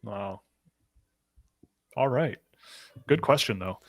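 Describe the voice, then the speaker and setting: A man's voice: medium pitch, lively intonation, takes it slowly, no room sound. A man from Britain hosting a casual live stream, joking and laughing as he reads out chat questions. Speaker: podcast host.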